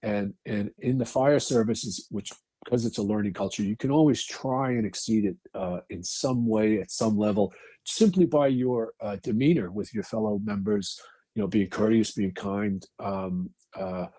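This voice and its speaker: Here a middle-aged firefighter and actor from New York, interviewed casually on a podcast, recounts stories bluntly, restarting often and swearing freely. The voice is lowish and warm at a moderate pace, recorded with no room sound.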